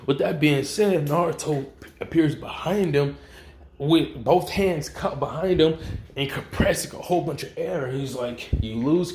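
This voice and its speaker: A man loosely retelling a fan-made fight story for his channel, heavy on fillers, slang and swearing. His voice sits at an everyday male middle pitch. The room adds a noticeable echo around him. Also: a little mellow, a little hiss or hum. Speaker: channel host. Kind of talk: casual storytelling of a fan what-if. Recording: roomy echo.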